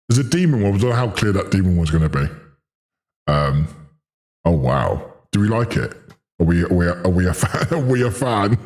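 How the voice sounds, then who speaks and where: A streamer from the UK testing a deep voice changer, chatting and laughing at how it sounds. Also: male voice. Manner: chatty, giggling at his own voice. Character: deep-voiced man, smooth and booming.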